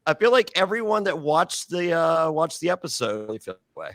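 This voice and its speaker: A bright, forceful man with a raised voice chats animatedly on a recap podcast. He laughs often and acts out what others said. The sound is dry and close. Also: fairly high pitch, big pitch swings, fairly quick, dry recording. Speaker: podcast co-host. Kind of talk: casual recap chat.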